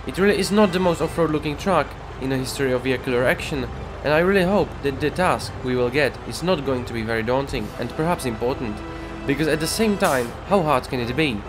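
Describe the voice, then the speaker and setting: Deadpan comic narrator, man. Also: mid-range voice, quick pace, music in the background. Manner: deadpan, sarcastic. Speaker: host. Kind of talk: comedic scripted narration.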